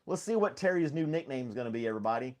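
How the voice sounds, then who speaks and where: A man's voice: medium pitch, rapid-fire. Laid-back man chatting. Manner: relaxed, rambling, laughs often, greets viewers by name. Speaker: live-stream host. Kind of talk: casual chat with live chat readers.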